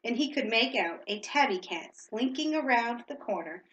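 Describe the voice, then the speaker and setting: A woman's voice: a little high, lively intonation, normal speed, fairly bright tone, reverberant, highs cut off. A woman reading a storybook aloud to a child at home, reading steadily and stopping now and then to ask questions.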